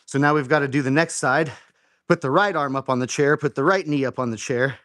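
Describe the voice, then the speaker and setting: A man's voice: medium pitch, fairly even intonation, brisk, a bit bright, dry recording, studio quality. A man hosting a live home workout, explaining form and counting reps aloud in an encouraging way. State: slightly out of breath. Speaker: fitness host.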